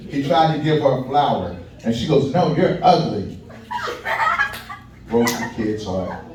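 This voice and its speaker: A man's voice: medium pitch, lively intonation, moderate pace, darkish tone. A man from Kentucky doing a loose, conversational stand-up set, chatting with the crowd and laughing at his own jokes. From Kentucky, USA. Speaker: stand-up comedian. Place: small comedy venue. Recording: echoey room, mic heard from far.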